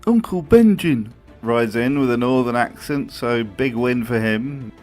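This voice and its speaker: A man's voice: mid-range voice, animated, unhurried, darkish tone, faint music behind. A man narrating a comedic video essay with a wry, mocking tone and dry asides. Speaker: video commentator.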